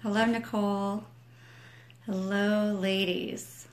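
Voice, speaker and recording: A woman talking into her phone at home early in the morning, greeting viewers one by one in a relaxed, chatty way before moving into a fervent spoken prayer. She speaks softly at first, and her voice cracks a little. She has a mid-range pitch and an easy, conversational delivery. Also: slow. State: voice slightly cracking. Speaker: ministry director leading a prayer livestream.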